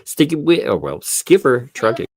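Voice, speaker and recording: Recorded at home with studio quality and no room sound, a man with a medium-pitched, slightly rough voice hosts a casual livestream. He's very animated at normal speed, chatting loosely as live commentary and laughing often between phrases.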